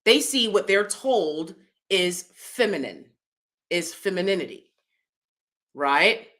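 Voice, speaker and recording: A woman hosting her own channel, talking in a casual, animated way, often checking in with "right?" and jumping into high mocking voices. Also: takes it slowly. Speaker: commentary channel host. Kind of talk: casual opinion commentary.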